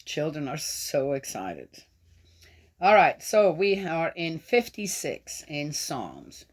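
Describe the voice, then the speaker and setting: An older woman, a grandmother, hosting a chat that rambles with many fillers and then reading the Psalms aloud at a steady pace. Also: deep voice, slightly rough. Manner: steady, measured reading of scripture. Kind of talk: casual chat and scripture reading.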